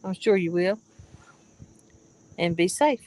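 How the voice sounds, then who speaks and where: A woman's voice: lowish voice, animated, takes it slowly, a little mellow, poor audio. A woman streaming live from a pontoon boat outdoors, chatting casually with viewers in a laid-back way and greeting them by name.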